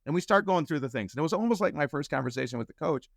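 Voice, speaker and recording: A man telling a personal story as a podcast guest, acting out the quoted dialogue with lively shifts in voice. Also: a little high, very fast, gravelly, no room sound, studio quality. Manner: animated storyteller who acts out quoted dialogue.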